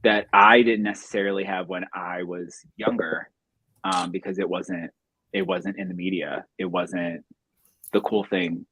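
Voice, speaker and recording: Husky, thoughtful male drag guest. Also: sits low, flat delivery, sharp tone. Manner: thoughtful, measured, frequent ums. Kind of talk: casual chat.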